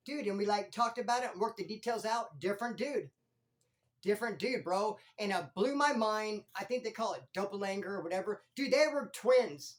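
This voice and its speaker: A former prisoner hosting his own channel, telling stories in animated street slang. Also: high-pitched, moderate pace. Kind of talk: casual storytelling vlog.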